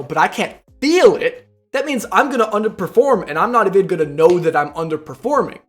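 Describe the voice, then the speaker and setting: High-voiced man coaching gamers. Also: fairly bright tone. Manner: conversational, repeats "right?" and "like". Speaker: League of Legends coach. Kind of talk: casual explanatory talk to camera.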